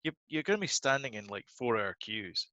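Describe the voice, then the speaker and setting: A man's voice: medium pitch, very animated, brisk, bright, forceful tone, dry recording, highs cut off. A man co-hosting a podcast, chatting casually and laughing easily. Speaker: podcast co-host. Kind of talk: casual chat.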